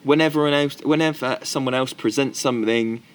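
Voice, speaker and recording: A man's voice: medium pitch, fairly quick. A man, co-hosting a casual podcast chat and telling stories animatedly, often putting on the voices of the people he quotes. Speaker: podcast co-host.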